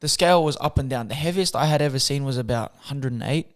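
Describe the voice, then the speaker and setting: Soft-spoken young man. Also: mid-range voice, fast talker. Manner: soft-spoken, chatty, acts out quotes with slang. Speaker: guest, boxer. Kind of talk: casual storytelling interview.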